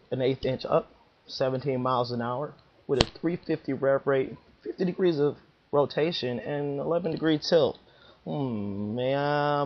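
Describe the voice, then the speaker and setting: A man's voice: medium pitch, natural voice. A friendly pro shop driller, as a man puts him on, talks shop in a chatty, slightly raised voice. The recording is dull and lo-fi. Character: friendly knowledgeable male ball driller.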